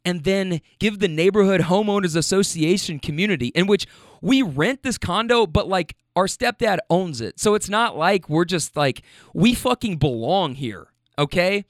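Brief: male vlogger, high voice, exasperated profane storytime rant. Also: animated, normal speed, dry recording, studio quality.

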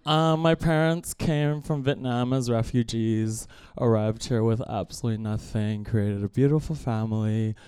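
A male comedian on stage, rambling in a self-deprecating way and peppering his lines with "like". His voice is very crisp and clear, with a dry, close sound. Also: mid-range voice, moderate pace, hardly any pauses, a little mellow, dry recording. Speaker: comedian and musician. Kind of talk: stand-up comedy set.

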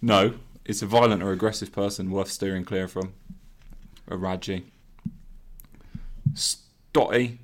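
A man's voice: sits low, fairly even intonation, a little slow, pauses often, slight background noise. A man co-hosting a podcast, quizzing his co-host on dialect words and acting them out in phrases, laughing often. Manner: playful, laughs a lot, reads words out then acts them in phrases.

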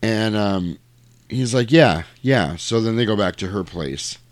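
Low-voiced man retelling a movie. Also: dry recording. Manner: animated storyteller acting out lines in quick voices. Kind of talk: casual chat retelling a movie.

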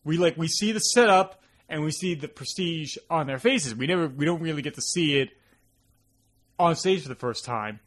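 A man's voice: a little high, moderate pace. A young man with a New York accent, co-hosting a casual film podcast and talking in loose, rambling stretches full of "like". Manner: rambling, acts out characters in animated bursts. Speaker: podcast co-host.

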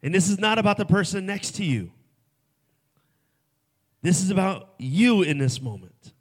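A man preaching a sermon at a festival, swinging from hushed, soft lines to loud, emphatic ones. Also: sits high, animated, moderate pace, breathy edge. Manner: dynamic, swings from hushed to shouting. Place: festival stage before a crowd.

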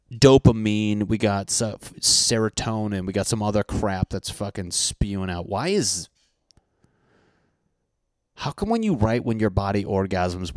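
Guy ranting on his own podcast, swears a ton, lowish voice, dry sound. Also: dry recording. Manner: rambling, heavy swearing, crude jokes. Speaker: podcast host. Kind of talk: casual solo podcast monologue. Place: apartment.

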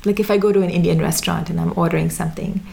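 As an interview guest, a young woman tells her own story in a reflective, conversational way, often restarting and saying "you know." She has an American accent, comes from Sudan, and grew up in Dubai and Jeddah. She speaks rapidly in a lowish, slightly mellow voice with vocal fry and fairly even intonation.

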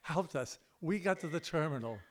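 A man telling a personal story on stage at a live storytelling event, animated and imitating sounds with his mouth. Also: on the high side, normal speed.

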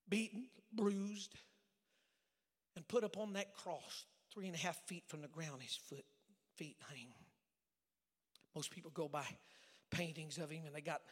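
A man's voice: fairly high pitch, a bit bright. A male evangelist from Oklahoma preaching a sermon, telling stories dramatically and dropping to whispers for emphasis. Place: church sanctuary. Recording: long church hall reverb.

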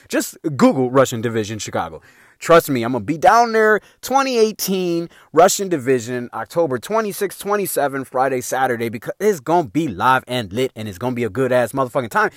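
Animated man telling a profane story. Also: fairly high pitch, dry recording, clean studio sound. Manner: animated, profane, laughs often. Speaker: vlogger telling a personal story. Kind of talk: casual storytelling.

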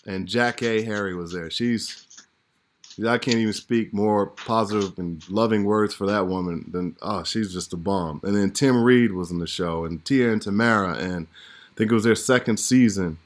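A middle-aged man, an actor, telling stories from his career in casual chat, animated and laughing as he acts out quotes. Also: lowish voice, normal speed. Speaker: actor guest. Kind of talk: casual storytelling.

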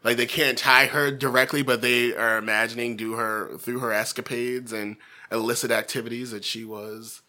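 Bright-voiced man, joking co-host. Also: medium pitch, level tone, moderate pace. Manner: joking, self-deprecating, rambling. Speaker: podcast co-host. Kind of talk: casual chat.

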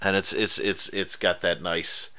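A man co-hosting a podcast in easy, casual chat. His voice is low and bright, and he stumbles and restarts his sentences often. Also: little pitch movement, smooth. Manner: halting, many restarts. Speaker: podcast co-host.

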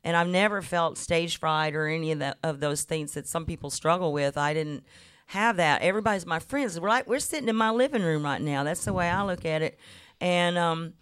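A woman's voice: low voice, clear, resonant tone. Laughing storyteller woman in her fifties. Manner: warm laughing anecdotes, mimics voices. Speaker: guest musician. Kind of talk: chatty storytelling interview. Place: radio studio.

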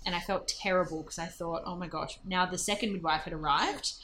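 A woman telling a casual, animated personal story full of fillers and laughs. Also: fairly low pitch, fairly quick, a little hiss or hum.

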